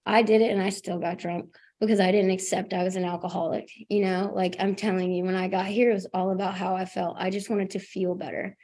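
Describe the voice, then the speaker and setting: A woman's voice: mid-range voice, little pitch movement, a little fast, hardly any pauses, warm tone. A young woman telling her recovery story at a meeting in a casual, self-deprecating way, full of "like" and "you know". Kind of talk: candid personal share at a recovery meeting.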